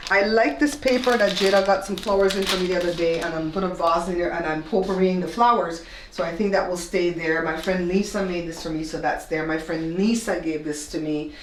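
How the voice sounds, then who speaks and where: A woman's voice: lowish voice, fairly quick, few pauses, a little hiss or hum. A woman from Belize hosting a casual home tour vlog, explaining things step by step to her viewers. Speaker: host. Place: newly renovated room, indoors. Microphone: camera held by her husband, some distance off. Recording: echoey bare room.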